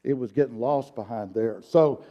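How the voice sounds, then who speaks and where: A man's voice: medium pitch, normal speed. A man teaching a song leading workshop, counting beats aloud for the group to copy, in a folksy way with many restarts and repeated words. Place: church meeting room. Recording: dull lo-fi sound.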